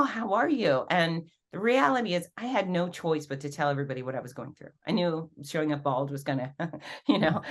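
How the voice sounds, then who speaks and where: Low voiced lady guest, super animated, does all the voices in her stories. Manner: animated, acts out quoted dialogue with big pitch jumps. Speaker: podcast guest, fitness professional and race announcer. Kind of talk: casual storytelling interview.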